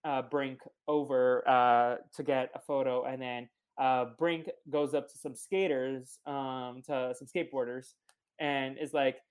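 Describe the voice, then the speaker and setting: A man with a mid-range voice talks as a guest on a podcast. He retells scenes in a relaxed way, with plenty of fillers. His speech is loose and conversational. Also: mid-range voice, unhurried, clear, resonant tone. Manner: recaps plot with many fillers, relaxed. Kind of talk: casual chat.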